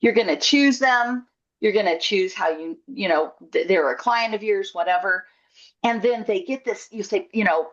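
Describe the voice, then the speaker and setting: A woman's voice: medium pitch, moderate pace. Woman, workshop coach, upbeat and encouraging, slightly dull lo-fi call audio. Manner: upbeat, encouraging, chatty with fillers. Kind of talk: online group coaching session. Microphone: video call.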